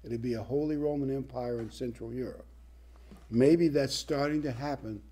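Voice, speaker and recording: A man delivering a sermon with a husky, slightly breathy voice and a dark, mellow timbre. He reads scripture and drives his points home with emphatic, lively preaching. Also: mid-range voice, normal speed.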